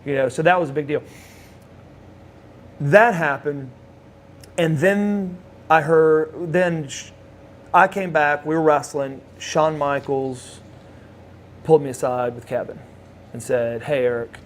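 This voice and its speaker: A man's voice: fairly high pitch, takes it slowly, long pauses, slight background noise. Rambling Southern man telling stories. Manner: rambling anecdotes with restarts, laughs while telling. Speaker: interview guest, former wrestler. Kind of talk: casual storytelling interview.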